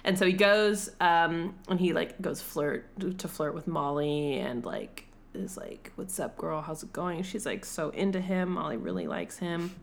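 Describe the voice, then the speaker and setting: A woman's voice: on the low side, animated, unhurried, vocal fry, a little hiss or hum. A woman in casual chat, animatedly retelling a film plot, acting out quotes, laughing and swearing.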